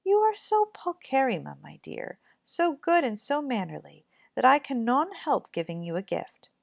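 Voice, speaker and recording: A gracious storybook fairy, voiced by a woman reading aloud, speaks in a raised, gentle voice. Her tone stays soft and courteous, close and dry. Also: high voice, big pitch swings, moderate pace, gravelly, dry recording, voice pushed up, heavily acted. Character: gentle kind fairy woman granting gifts.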